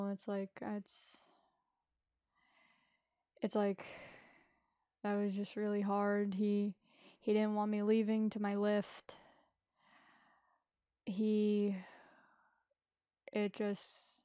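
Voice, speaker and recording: A woman's voice: medium pitch, monotone, mellow, no room sound, clean studio sound. A woman telling a painful personal story, hesitant and emotional, often stopping and restarting her sentences. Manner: halting, hesitant, many restarts. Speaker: vlogger.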